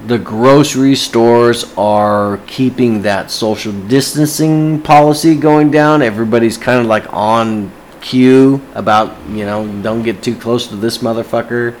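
A man's voice: medium pitch, poor audio. A man ranting casually to camera, agitated and swearing constantly.

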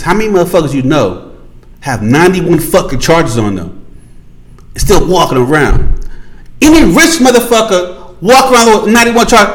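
A male podcast host with a high-pitched voice that swings widely up and down as he drives his points home. He rants in a casual, profane monologue, addresses his listeners directly with slang, and hammers his claims through repetition. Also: very animated, moderate pace, pauses often, poor audio. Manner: emphatic, profane, repeats points for emphasis.

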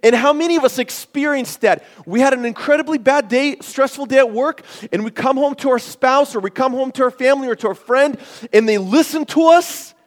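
A male pastor preaching a sermon in a church, emphatic and full of rhetorical questions, swinging from loud to hushed. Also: very high-pitched, a little fast, few pauses. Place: church sanctuary. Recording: long hall reverb.

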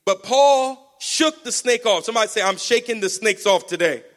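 A man preaching a sermon with energetic call-and-response, urging the congregation to answer back. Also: high voice, normal speed. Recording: long hall reverb.

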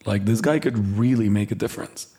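A man's voice: fairly low pitch, a little fast. A man on a podcast chatting casually and animatedly, acting out the voices of the people he describes. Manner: animated storyteller, acts out quoted voices. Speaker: podcast co-host, personality trainer.

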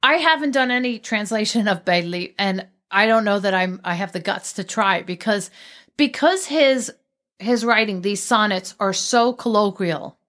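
A woman's voice: medium pitch, moderate pace, a bit bright. Chatty, digressive woman. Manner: chatty, digressive, with many restarts. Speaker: guest discussing a poet. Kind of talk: casual conversation.

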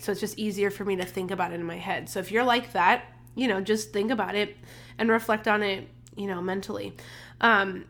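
A woman's voice: medium pitch, a bit bright. A young adult woman hosting her own podcast, giving an upbeat, encouraging pep talk in a casual, chatty way, a little congested. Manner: upbeat, encouraging, chatty with many fillers and restarts. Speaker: podcast host, holistic nutritionist.

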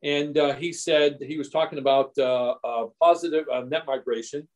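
Brief: man in his sixties, guest investor, lively storyteller with restarts, voice on the higher side. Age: 60s. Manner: animated, quick anecdotes with many restarts. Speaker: real estate investor guest. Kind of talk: storytelling in a podcast interview.

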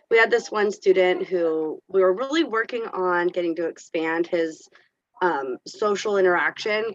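A woman who teaches special education chats through a classroom story, animated and full of fillers. Her audio is dull and lo-fi. The sound is dry and close. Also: medium pitch, no echo. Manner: chatty, animated retelling with many fillers. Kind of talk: casual storytelling in an interview.

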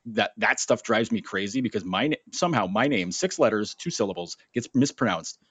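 A young man co-hosting a sports podcast, telling a story in a casual, animated way and acting out the voices in it. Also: lowish voice, fairly quick, slightly rough, no echo. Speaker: podcast co-host. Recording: dull lo-fi sound, dry.

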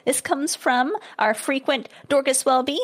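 A woman's voice: high-pitched, measured pace. A young woman co-hosting a casual podcast, reading listener reviews aloud with playful asides and frequent giggles.

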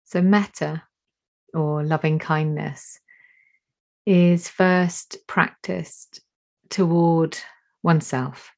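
A woman leading a guided meditation, giving slow, soothing instructions with long pauses between phrases. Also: low voice, fairly even intonation, gravelly, a little mellow. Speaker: meditation teacher. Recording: dull lo-fi recording.

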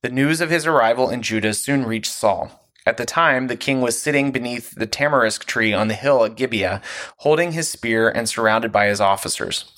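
A man reading scripture aloud in a steady, clear way. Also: mid-range voice, normal speed. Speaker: scripture reader.

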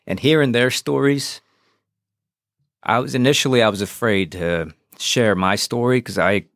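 A man's voice: medium pitch, moderate pace, a bit bright, no echo, clean studio sound. A man and former police officer telling his own story on a podcast, frank and profane, acting out past conversations. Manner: frank and profane, re-enacts dialogue. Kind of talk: candid personal storytelling.

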